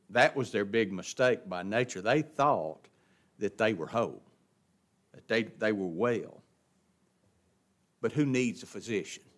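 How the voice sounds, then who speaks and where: A man teaching an adult Bible class, speaking in a folksy, emphatic way with chuckles and repeated words. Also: fairly low pitch. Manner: folksy, emphatic preaching with laughs and repetitions. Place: church classroom.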